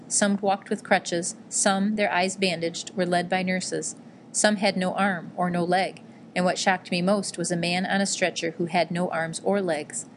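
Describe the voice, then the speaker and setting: A woman narrating a memoir-style novel in a measured, gentle storytelling manner. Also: on the low side, slight background noise. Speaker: audiobook narrator.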